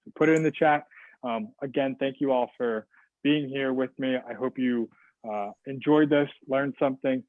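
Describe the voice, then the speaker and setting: A man's voice: mid-range voice, normal speed, no echo. A man giving a customer service talk over a video call, casual and rambling with fillers and restarts. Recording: dry, phone-like video call audio.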